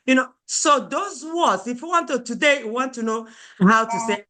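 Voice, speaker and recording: Lively, bright-voiced encouraging woman teacher. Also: high voice, moderate pace. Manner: encouraging, coaxing, repeats phrases often; switches between English and Igbo phrases. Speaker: language teacher. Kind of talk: adult beginner language class.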